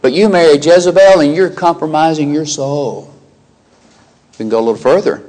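A man preaching a sermon, emphatic and animated, acting out biblical characters' lines in quoted dialogue. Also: on the high side, moderate pace.

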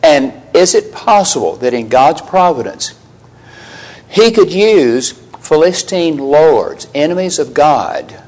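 A man's voice: big pitch swings, slow pace, darkish tone, poor audio. A man teaching through a Bible passage verse by verse, asking rhetorical questions and acting out the quoted lines. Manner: conversational, asks listeners rhetorical questions; acts out quoted lines with raised pitch.

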